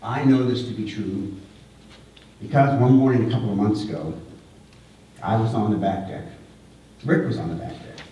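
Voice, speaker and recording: Man giving a halting eulogy in an echoey hall. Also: fairly low pitch, warm tone, dull audio. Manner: halting, repeats words, speaks with feeling. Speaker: eulogy speaker. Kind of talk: memorial eulogy. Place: large hall at a memorial service. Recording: echoey hall, voice far from the mic.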